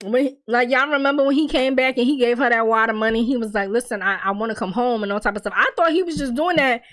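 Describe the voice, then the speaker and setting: A woman hosting a casual TV recap, talking in an animated, blunt and profane way and laughing often. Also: high voice, fast. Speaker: TV recap host.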